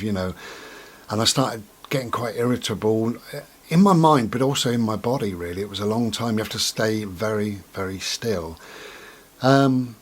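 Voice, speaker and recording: A man with a low, husky voice talks through a personal story in an easy vlog manner. He rambles and circles back, with plenty of ums and asides. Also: normal speed. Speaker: vlogger.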